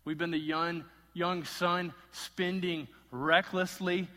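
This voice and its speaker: A male pastor delivering an impassioned sermon, swinging between loud emphasis and hushed moments. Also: high-pitched, flat delivery, slow, in a large hall.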